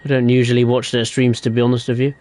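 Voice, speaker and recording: A man's voice: mid-range voice, level tone, quick pace, a little mellow. A young man live-streaming a train game, chatting casually and answering viewers in a rambling way. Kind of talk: live gameplay commentary.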